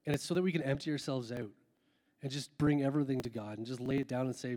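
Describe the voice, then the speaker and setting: A man's voice: mid-range voice, steady tone, quick pace. A man who is a worship pastor, talking earnestly and rambling from the stage of a church, with lots of fillers and restarts. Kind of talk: casual talk from the stage before a song. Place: church hall with a long, echoing reverb. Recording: echoey hall with soft music behind.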